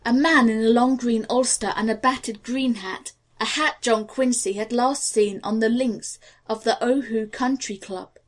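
A woman narrating a novel aloud in a steady, expressive way. Her voice sits a little high for a woman. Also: unhurried, hardly any pauses. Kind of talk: audiobook narration.

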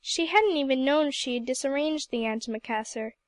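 A woman narrating a novel in a gentle, even storybook reading. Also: high voice, brisk, dry recording. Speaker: audiobook reader. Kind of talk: scripted narration.

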